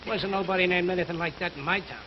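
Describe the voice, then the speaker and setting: A man's voice: sits high, fast, slight background noise, natural voice. An actor playing a surly, bigoted American workman who grumbles in coarse slang. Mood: griping. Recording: muffled 1950s television recording.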